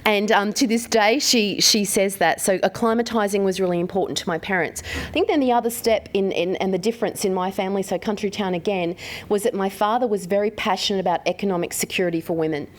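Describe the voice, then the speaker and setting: A woman's voice: mid-range voice, quick pace. An Australian woman in her forties talks openly to a live audience about her own life. She is conversational and unpolished, with plenty of fillers, and often turns to the room with questions. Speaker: mentor speaking to an audience. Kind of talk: personal talk to a live audience.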